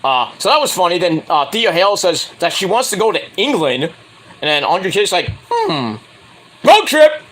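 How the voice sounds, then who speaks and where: A man's voice: high voice, animated, fairly quick, slight background noise. A man casually reviewing a wrestling show on his own, rambling with crude asides. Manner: rambling, crude asides, jumps into loud impressions.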